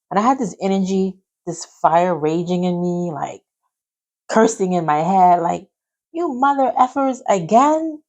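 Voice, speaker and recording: A woman telling a personal work story in a casual, animated way, acting out what others said. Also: lowish voice, creaky, highs cut off. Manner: animated, acts out quotes of others. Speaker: podcast host telling her story.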